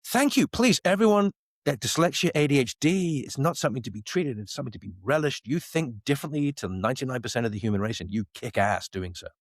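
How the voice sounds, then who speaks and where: A man's voice: mid-range voice, quick pace, hardly any pauses, no echo, studio quality. A middle-aged man from the Isle of Man, telling stories animatedly in a podcast interview and acting out the people he quotes. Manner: animated storyteller, acts out quoted dialogue. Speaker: guest, space company CEO.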